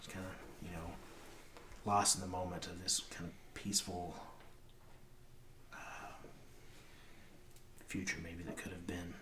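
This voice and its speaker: A man narrating as game master, in a hushed, halting voice with many fillers. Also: deep voice, flat delivery, recorded from a distance. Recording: echoey room with background noise.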